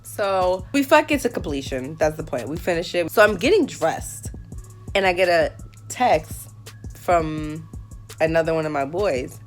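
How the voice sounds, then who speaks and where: A woman's voice: low voice, lively intonation, unhurried, soft background music. A young adult woman telling a casual story, candid and profane, acting out the lines of the people in it. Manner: candid and profane, acts out quoted dialogue.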